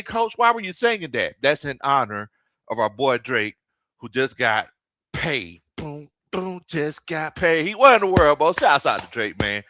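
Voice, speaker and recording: A man, a former football coach hosting a casual sports livestream in a folksy, animated way, shouting out viewers by name. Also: mid-range voice, no echo.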